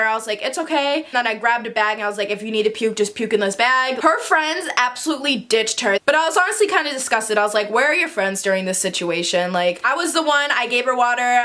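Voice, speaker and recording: A woman's voice: a little high, pushed and bright. A woman in her twenties telling a dramatic party story in a casual vlog, acting out the quotes. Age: 20s. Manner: chatty and dramatic, acts out quotes. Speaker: vlogger.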